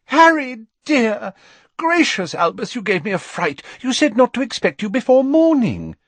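A man's voice: very high voice, wildly swooping pitch, normal speed, no echo, voice pushed up, full character voice. A man voicing a nervous, fussing motherly middle-aged witch in an audiobook reading. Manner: flustered, fussing.

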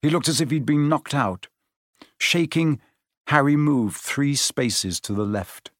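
A man narrating a children's fantasy storybook in an even, measured reading. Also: on the high side, no echo, studio quality. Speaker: audiobook narrator.

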